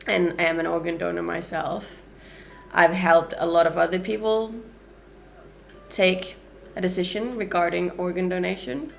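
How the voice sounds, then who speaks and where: A woman's voice: fairly low pitch, creaky, slight background noise. A woman in her thirties with a mixed Danish, Canadian and Australian accent, chatting upbeat with viewers on a livestream from her kitchen. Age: 30s. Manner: upbeat, chatty, frequent light laughs. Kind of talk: casual livestream chat answering viewer comments. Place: home kitchen.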